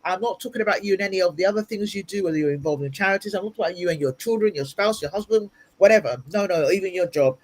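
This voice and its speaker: A woman's voice: mid-range voice, very fast, hardly any pauses, darkish tone. A woman guest speaker giving earnest motivational advice in an interview, repeating points for emphasis, recorded over a video call. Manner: earnest, advising, repetitive for emphasis. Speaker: guest speaker and ministry leader.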